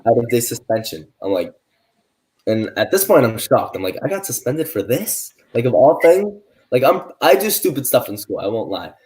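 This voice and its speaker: A teenage guy co-hosting a homemade podcast, telling a school story with lively energy. His voice sits at an ordinary middle pitch, and he slips into the voices of the people he quotes. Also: normal speed. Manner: animated, acts out quoted adults in his story. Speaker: podcast co-host. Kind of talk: casual storytelling.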